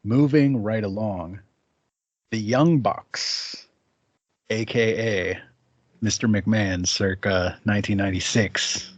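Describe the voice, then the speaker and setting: A man's voice: on the low side, slow pace, no echo, muffled recording. A man co-hosting a casual wrestling talk show, enthusiastic and rambling, full of fillers. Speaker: podcast co-host.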